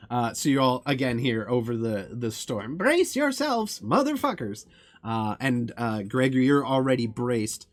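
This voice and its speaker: A man's voice: medium pitch, fairly even intonation, a little slow, hardly any pauses. A man narrating a tabletop game as game master, describing scenes with filler restarts.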